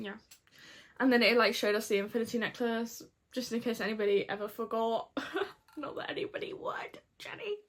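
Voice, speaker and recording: A young woman recapping a TV episode to camera in a gushing, dramatic, chatty way. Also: fairly high pitch. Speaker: vlogger.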